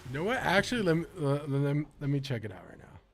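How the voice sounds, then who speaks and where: Guy streaming a game, high voice, slangy animated storytelling, lots of laughs, faint noise behind. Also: quick pace. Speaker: gaming streamer. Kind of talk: casual storytelling while playing.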